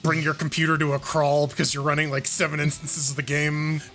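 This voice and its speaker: Higher, bright-toned male co-host; fast, self-mocking podcast chatter with faint music behind. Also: monotone. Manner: quick, joking, self-mocking. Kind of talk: casual gaming podcast banter.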